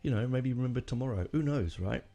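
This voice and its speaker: A man's voice: medium pitch, expressive, fast, dark tone, highs cut off. A man hosting a podcast, talking casually and emotionally, rambling with lots of fillers and restarts. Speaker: podcast host. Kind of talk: casual solo podcast talk.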